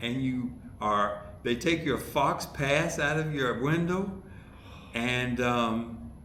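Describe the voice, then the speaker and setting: A man's voice: medium pitch, slow pace. A man from Ohio, a podcast guest, telling stories in casual chat and acting out the people he quotes. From Ohio, USA. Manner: animated storyteller who acts out the people he quotes. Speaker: podcast guest, comedy writer. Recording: echoey room with faint background noise.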